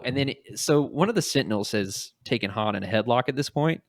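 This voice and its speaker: A man's voice: fairly low pitch, gravelly, no room sound, clean studio sound. A man hosting a podcast, casually retelling a comic story and acting out the characters' lines. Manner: animated, acts out quotes in quick little voices. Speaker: podcast host.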